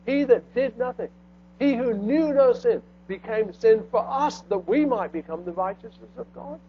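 A man preaching a sermon, swinging between loud emphatic lines and hushed low phrases. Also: expressive, moderate pace. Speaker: pastor. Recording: dull lo-fi sound with faint mains hum.

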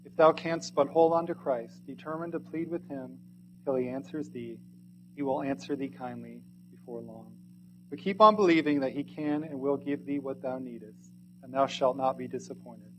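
A man's voice: mid-range voice, normal speed, slight background noise, rough recording. Earnest man reading an old sermon. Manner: earnest, pleading, swings from loud to hushed. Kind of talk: sermon read aloud in archaic English.

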